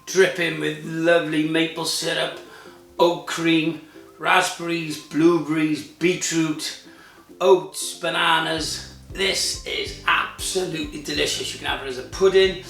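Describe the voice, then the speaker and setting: Man in his forties, cooking vlog host, bright forceful voice, echoey kitchen, a bit off-mic, music behind. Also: on the high side, gravelly, distant mic. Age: 40s. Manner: jokey, chatty, swears freely.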